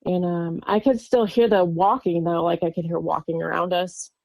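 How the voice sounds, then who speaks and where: A woman's voice: lowish voice, fairly even intonation, normal speed, creaky, a little mellow, dry recording. A woman from Oregon, a guest on an interview podcast, recounting a personal encounter in a rambling way with lots of fillers and nervous laughs. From Oregon, USA. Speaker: guest witness.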